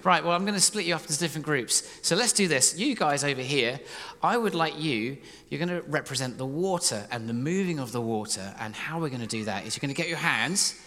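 An energetic, playful male preacher directs his congregation through a story. His voice is a bit higher than most and rings bright across a reverberant church hall. A faint noise hums beneath. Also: a little fast, few pauses. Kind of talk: interactive sermon storytelling.

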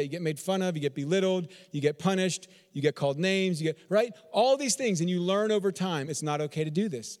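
A man with a high voice preaches from Texas-born conviction, stacking repeated phrases and rhetorical questions. His sermon rings out with a long reverb, as if in a large sanctuary. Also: expressive, brisk, a little mellow. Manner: repetitive, emphatic rhetorical questions. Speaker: pastor.

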